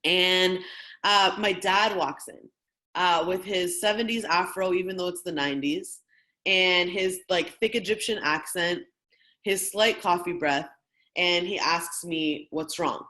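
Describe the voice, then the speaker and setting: A woman in her thirties leading a training session and telling a personal story in a candid, lively, conversational way. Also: on the low side, a little slow. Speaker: workshop facilitator.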